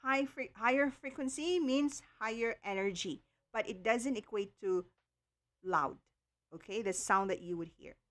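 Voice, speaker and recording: A woman teaches an online livestream lesson, explaining slowly and carefully with frequent "okay" checks and ums. Her voice is a little high with a fairly bright tone. She works as an online tutor.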